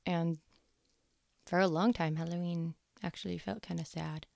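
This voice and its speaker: A woman's voice: fairly low pitch, steady tone, normal speed, creaky, a little mellow, no echo. A young woman hosting a casual educational podcast, chatty and joking, on a close mic. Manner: chatty, joking, goes off on tangents. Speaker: podcast host.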